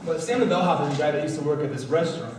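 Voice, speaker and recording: A man's voice: on the high side, racing. A young man performing as a magician at a college talent show, telling a casual story full of fillers as he works a card trick. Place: college talent show stage, large room. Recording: echoey hall, voice far off, noisy.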